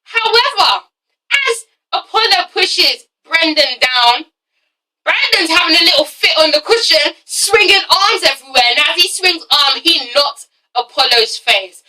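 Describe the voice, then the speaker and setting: A woman reviewing a TV episode in a casual vlog, animated and swearing freely, often breaking into laughter. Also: extremely high pitch, unhurried, recorded from a distance, rough recording. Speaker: TV show reviewer.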